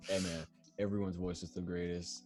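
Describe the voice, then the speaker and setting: A man's voice: low voice, level tone, normal speed, darkish tone, faint music behind. A young American man hosting a podcast, chatting casually, laughing often and slipping into playful mock voices. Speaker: podcast host. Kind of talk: casual chat.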